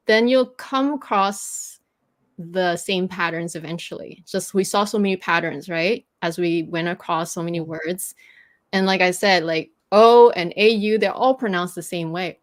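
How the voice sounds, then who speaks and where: A woman whose first language is French patiently teaches pronunciation during a casual livestream chat. Her fairly low voice is measured in pace, and she explains at length with restarts.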